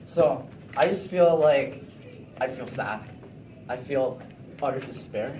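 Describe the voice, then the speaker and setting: A teenage boy giving an animated class presentation, often checking in with the class with "okay?". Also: mid-range voice, slow. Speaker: student presenter. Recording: echoey room, distant mic, noisy.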